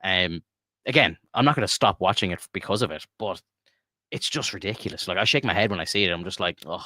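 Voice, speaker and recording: A young man with a lowish voice chats loosely on a podcast. He swears often, rambles through long "like"-filled riffs and keeps breaking into laughter. The recording is dry and close, with no room sound. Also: quick pace, pushed and bright, no room sound. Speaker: podcast co-host. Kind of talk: casual chat.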